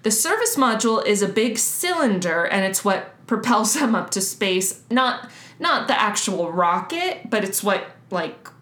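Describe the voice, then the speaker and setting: This podcast co-host has a medium-pitched, fairly bright voice and sounds very animated yet unhurried. She explains history in a loose, chatty way full of fillers. The room adds noticeable echo.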